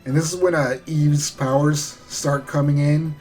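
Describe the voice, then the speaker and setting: A man's voice: fairly high pitch, steady tone, a little slow, a little mellow. Man casually recapping a show episode. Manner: rambling, loose, with frequent fillers and casual swearing. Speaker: show reviewer.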